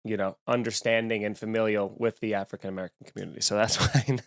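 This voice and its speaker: A man's voice: lowish voice, steady tone, fast, smooth. A man with a Long Island accent hosting a comedy podcast, talking in a snarky, sarcastic, rambling rant. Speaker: podcast host. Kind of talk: comedic ranting chat. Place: at home with windows open.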